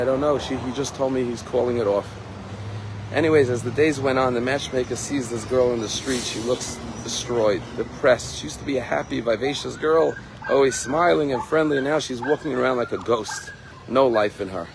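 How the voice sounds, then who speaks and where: Male rabbi, mid-pitched storyteller who acts out his quotes, faint street noise. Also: low-quality recording. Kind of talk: sermon storytelling.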